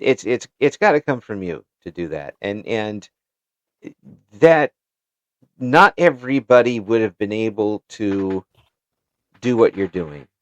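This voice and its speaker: A man's voice: medium pitch, dry recording, muffled recording. An American man hosting an interview in casual chat, stumbling over restarts and laughing often. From United States. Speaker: interview show host.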